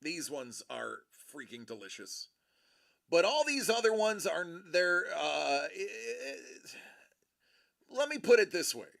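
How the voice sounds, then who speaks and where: A man hosting a casual livestream, with a gravelly, bright voice that swoops through a lively pitch range. He rambles and often restarts his sentences. His voice sits fairly high for a man. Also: unhurried. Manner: rambling, animated, self-correcting. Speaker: livestream host. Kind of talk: casual live-stream chat.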